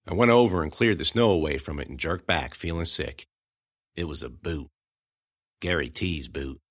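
A man narrating a first-person audiobook in a folksy, conversational way, going hushed at grim moments. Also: extremely low pitch, normal speed, dry recording, studio quality.

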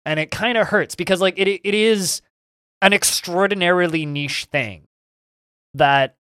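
A man's voice: high voice, measured pace, fairly bright tone, clear, resonant tone, dry recording, clean studio sound. Rambling, eager podcast man. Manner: rambling and enthusiastic, with frequent stammered restarts. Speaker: podcast co-host. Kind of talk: casual chat about video games.

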